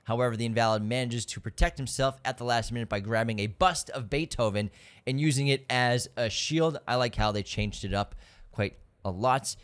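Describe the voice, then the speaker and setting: A man's voice: medium pitch, moderate pace, smooth. Man reading film facts from notes. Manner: reads background facts from notes, steady and informative. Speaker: podcast co-host. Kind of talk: casual film discussion.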